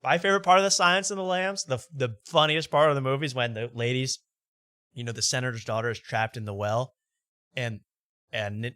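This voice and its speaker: A man hosting a late-night comedy show, riffing in loud, rambling, jokey rants. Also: medium pitch, dry recording, studio quality. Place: studio.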